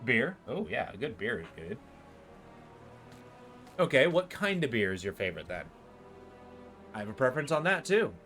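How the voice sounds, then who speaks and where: A man's voice: medium pitch, big pitch swings, moderate pace, long pauses, a bit bright, faint music behind. A man livestreaming a game, chatting casually with his viewers in a rambling way full of fillers. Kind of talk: casual chat while gaming.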